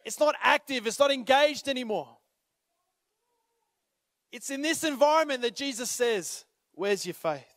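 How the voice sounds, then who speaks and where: A man preaching a sermon as pastor, swinging between urgent, rising calls and quiet appeals, sometimes acting out the people in the story. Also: extremely high pitch, moderate pace, long pauses, no echo, studio quality. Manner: impassioned, rises to urgent calls then drops to quiet; acts out voices when retelling scripture.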